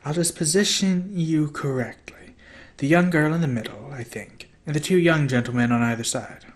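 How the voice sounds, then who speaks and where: A man voicing a soothing, sinister old female gorgon who coaxes in a soft purr. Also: on the high side, normal speed, voice pushed up, close to an everyday voice. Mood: coaxing.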